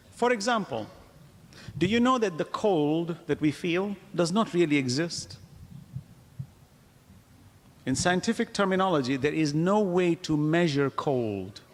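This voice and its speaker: A man giving a religious lecture to a congregation, asking rhetorical questions and pausing for emphasis. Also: a little high, long reverb tail. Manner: animated, wide-ranging delivery. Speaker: Islamic lecturer.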